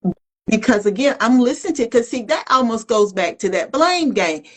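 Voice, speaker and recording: A middle-aged woman co-hosts a podcast, talking candidly and colloquially in casual chat, animated and openly reflecting on herself. Her voice is a little high at normal speed, and the audio is poor.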